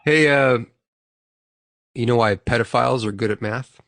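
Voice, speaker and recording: A man co-hosting a podcast, telling dark jokes in casual chat with slow, drawn-out setups. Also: dry recording, studio quality. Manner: slow, drawn-out setups with lively pitch swings. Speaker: podcast co-host.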